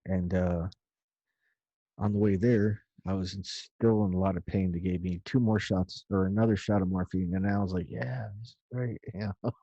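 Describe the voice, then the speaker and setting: A man's voice: low-pitched, level tone, normal speed, dark tone, no echo. A man casually recounting a story of his own in a loose, rambling way, with some swearing. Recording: dull lo-fi dry recording.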